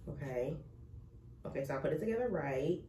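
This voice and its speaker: Teary woman rambling through an unboxing, low voice, echoey room, mic kinda far, noisy. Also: expressive, fairly quick. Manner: emotional, gushing, rambling with restarts. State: teary, close to crying. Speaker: vlogger unboxing a label printer. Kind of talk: casual chat to camera. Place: cluttered home recording room.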